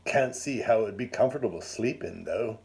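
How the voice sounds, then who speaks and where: A man's voice: fairly low pitch, lively intonation, moderate pace, creaky, a little mellow. A man voicing a bluff, lecherous aristocratic old lord who speaks in clipped, blustering phrases. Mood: blustery. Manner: clipped, blustering upper-class talk.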